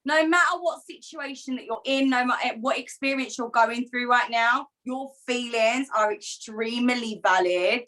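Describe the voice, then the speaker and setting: A woman's voice: on the high side, normal speed, hardly any pauses, a bit bright, low-quality recording. A woman co-hosting an online women's community call, speaking in affirming, emotional reassurances to the group. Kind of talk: supportive group talk. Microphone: video call.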